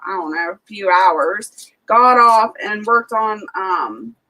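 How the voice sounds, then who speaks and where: A woman's voice: medium pitch, pushed and bright, poor audio. Chatty woman with an Ohio accent. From Ohio, USA. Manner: rambling, chatty, many fillers, greets viewers. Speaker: homesteading livestream host. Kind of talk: casual livestream chat.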